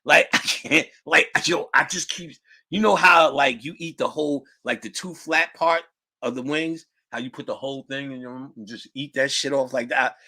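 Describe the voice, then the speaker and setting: A middle-aged man telling casual stories in a lively, profane, slangy way, laughing often. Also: mid-range voice, moderate pace, breathy edge. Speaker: guest storyteller. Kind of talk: casual storytelling.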